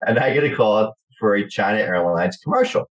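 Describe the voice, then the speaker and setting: A middle-aged man with a New Jersey accent, telling lively stories in an interview and acting out the people in them. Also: lowish voice, fairly quick, muffled recording. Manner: animated storyteller acting out quoted voices. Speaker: guest actor. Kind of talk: storytelling interview chat.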